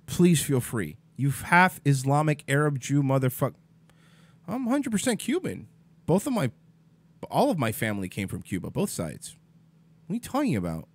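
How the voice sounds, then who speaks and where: A man's voice: medium pitch, huge pitch swings, normal speed, husky. A man hosting a livestream, venting in an exasperated, profane casual rant at his chat viewers. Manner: swears freely, exasperated, addresses chat viewers by name. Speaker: livestream host.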